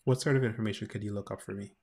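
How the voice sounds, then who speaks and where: A man live-streaming his coding session, thinking aloud in casual commentary, often restarting sentences and breaking in with quick exclamations. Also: lowish voice, fairly even intonation, darkish tone. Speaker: developer livestreaming.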